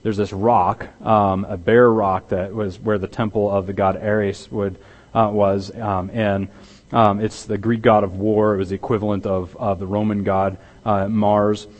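A man preaching a sermon as pastor, emphatic and repeating words, swinging between loud stress and hushed intensity. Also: lowish voice, level tone, unhurried, muffled recording. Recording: long hall reverb.

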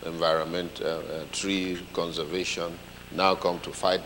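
A man preaching a sermon, telling a story with lively comic voices. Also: deep voice, moderate pace, creaky, in a large hall, slight background noise, low-quality recording.

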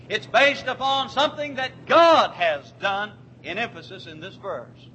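A man preaching a sermon, who repeats his key words for emphasis and slows down when quoting scripture. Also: sits high, big pitch swings, sharp tone, slight background noise, low-quality recording. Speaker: pastor.

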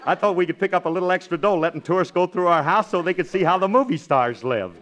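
A man starring in a 1940s radio comedy, brash and flustered, quick with a quip. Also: high voice, a bit bright, lo-fi sound. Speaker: comedian and star of the show. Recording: hissy old radio broadcast.

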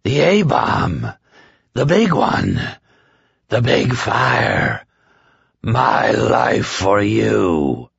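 A man's voice: mid-range voice, expressive, gravelly, breathy edge, no echo, muffled recording, voice pushed up, heavily acted. A man doing a childlike, ecstatic ruined drifter. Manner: slow, bubbling, pleading delivery.

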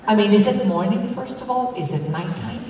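A woman's voice: medium pitch, fairly quick, far from the mic, background noise. Woman telling a comic story, echoey hall. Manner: animated, acts out both sides of a conversation. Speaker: performer on stage. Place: large hall.

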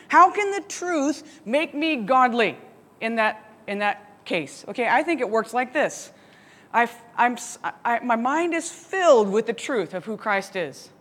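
A woman teaching a Bible study, telling a story with lively laughs and asides. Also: a little high. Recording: long hall reverb.

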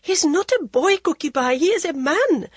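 A woman voicing a shrill, excitable young princess. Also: normal speed, no echo. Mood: distraught. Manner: high, loud, breathless outbursts. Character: excitable teenage princess, impetuous and defiant.

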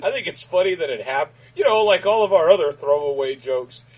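Male podcast co-host, rambling and giggly, husky and slightly high voice. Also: lively intonation, fairly quick, a little mellow, poor audio. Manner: rambling, lots of fillers and laughter. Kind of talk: casual comedic banter.

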